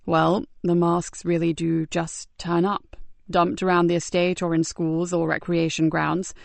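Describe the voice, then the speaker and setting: Woman doing a calm, pensive male sergeant. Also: lowish voice, gravelly, no room sound. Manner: measured and pensive. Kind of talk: audiobook character voice.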